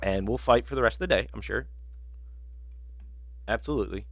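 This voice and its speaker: A man's voice: fairly low pitch, a little fast, vocal fry, fairly bright tone, no echo. A man hosting a sports betting podcast, telling rambling, profane stories in casual chat with lots of fillers.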